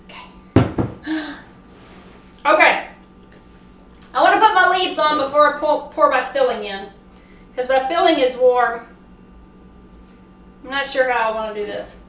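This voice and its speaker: Southern lady baking pies, high voice, slow and chatty, echoey kitchen, a bit far from the mic. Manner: chatty, excitable, talks to herself while working. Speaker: cooking show host. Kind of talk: casual cooking demo. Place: home kitchen.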